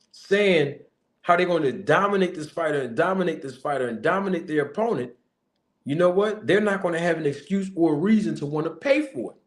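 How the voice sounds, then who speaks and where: A man commenting to camera as a boxing manager, giving a young fighter emphatic, repetitive advice and addressing him directly. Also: on the high side. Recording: echoey room.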